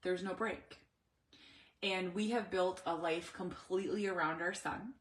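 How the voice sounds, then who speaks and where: Reflective mother vlogging, low echoey voice. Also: fairly even intonation, unhurried. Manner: reflective, searching for words, many restarts. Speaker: mother of an autistic son. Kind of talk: candid personal vlog.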